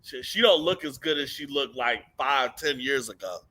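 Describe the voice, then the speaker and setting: A man's voice: medium pitch, animated, normal speed, pushed and bright, no room sound. A young man co-hosting a casual streamed chat, blunt and frank, reading viewer questions aloud. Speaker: co-host.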